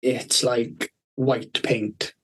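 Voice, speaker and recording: A man, hosting a podcast, who tells a rambling, animated story, swearing constantly and laughing partway through. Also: medium pitch, extremely slow, breathy edge, rough recording. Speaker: podcast host. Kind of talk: casual storytelling chat.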